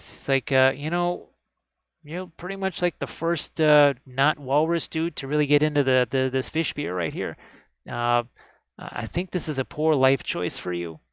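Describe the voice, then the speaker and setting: A man's voice: a little high, vocal fry, clear, resonant tone, no echo. A man teaching miniature painting on a live stream, talking casually and cheerfully while he works and often urging viewers to look closely. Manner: chatty and upbeat, often repeating "look at this". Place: indoor hobby desk.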